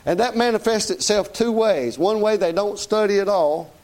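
A man's voice: high voice, moderate pace, a little mellow. A man preaching a sermon in a folksy, conversational way, often asking "Amen?".

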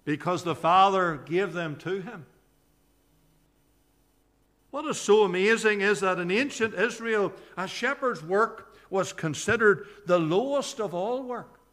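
A male pastor preaching a sermon in church, earnest, dropping low and soft on scripture quotes.

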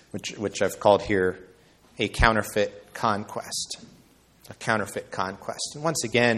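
A man preaching an evening sermon, rising high and loud on key points and slowing words down for weight.

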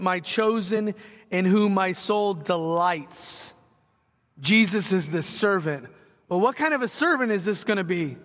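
A man preaching a sermon as pastor, talking in a conversational way with quick asides. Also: high-pitched, a bit bright, long reverb tail.

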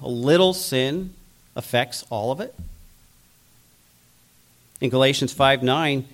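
A man's voice: medium pitch, slow pace, long pauses, a bit bright. A man preaching a sermon, acting out biblical figures' voices as he goes. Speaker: pastor.

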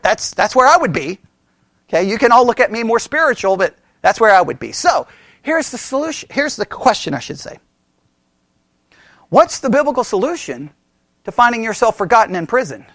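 A man's voice: high voice, big pitch swings, normal speed, pauses often, a bit bright, no room sound. A man preaching as a pastor, in a conversational way, quizzing his listeners with questions and often restarting his sentences. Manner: frequent self-corrections and restarts. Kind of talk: sermon.

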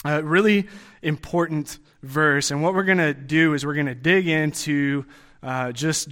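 A man's voice: a little high, steady tone, normal speed, fairly bright tone, clear, resonant tone. A young man giving a sermon in a conversational way, restarting phrases and adding asides as he teaches. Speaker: preacher.

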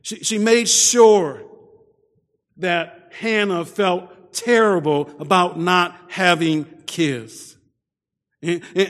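A male preacher with a high voice speaks slowly and deliberately through a sermon. He often stumbles over his first words and sinks to a hush for emphasis. The sound carries the long reverb of a large hall. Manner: repeats words at starts, soft dramatic drops.

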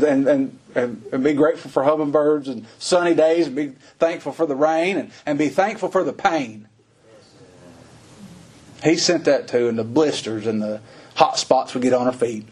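Man, preacher, husky voice, folksy sermon, chuckles often. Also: darkish tone. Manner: folksy, laughs between points, rises high for emphasis.

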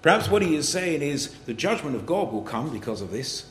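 A man's voice: on the high side, very animated, fairly quick, hardly any pauses, fairly bright tone, echoey room. A man preaching a sermon to his congregation, earnest and building to emphatic passages as he reads and explains scripture. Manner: earnest, rising to emphatic, reads scripture in King James wording.

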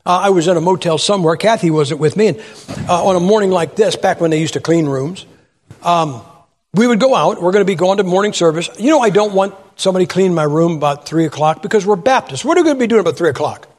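A man's voice: sits high, expressive, fast talker, darkish tone, big-room sound. A man preaching a humorous sermon in church, telling folksy stories, asking the crowd rhetorical questions and acting out voices. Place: church sanctuary.

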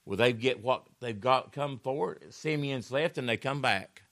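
A man's voice: mid-range voice, a little slow, a bit bright. A man preaching a sermon, telling scripture stories in a folksy way with emphatic rises and drops.

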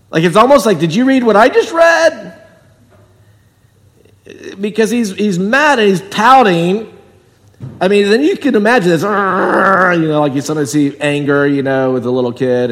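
A man preaching a sermon in a chatty way, jumping from loud emphatic bursts down to quiet asides. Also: fairly high pitch, fairly quick, big-room sound. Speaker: pastor.

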